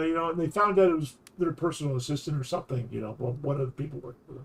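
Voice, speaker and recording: A man's voice: fairly high pitch, fairly even intonation, fast talker, few pauses, slight background noise. Rambling man telling a story. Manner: rambling, with frequent restarts. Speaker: streamer. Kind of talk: casual storytelling chat.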